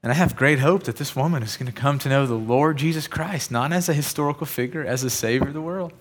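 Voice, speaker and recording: A man's voice: mid-range voice, quick pace. A man preaching a sermon, telling personal stories in a conversational way and building to emphatic points. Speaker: pastor.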